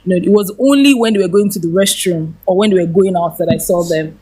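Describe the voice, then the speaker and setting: Woman, thirties, interview guest, lively storyteller who laughs easily. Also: fairly low pitch, quick pace. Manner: animated, laughs often while telling.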